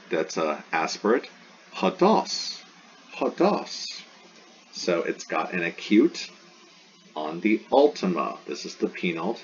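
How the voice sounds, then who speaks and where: Man, very deep voice, teacher, recorded lesson, slow repeated terms, muffled lo-fi audio. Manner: enthusiastic, repeats terms slowly. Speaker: Greek teacher. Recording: dull lo-fi recording with faint hiss.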